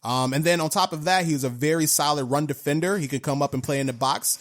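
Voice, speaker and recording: Man, upbeat sports talk, slightly higher voice, conversational, repeats words. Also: fast, fairly bright tone. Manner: upbeat, conversational, repeats himself when unsure. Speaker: co-host. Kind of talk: casual sports chat.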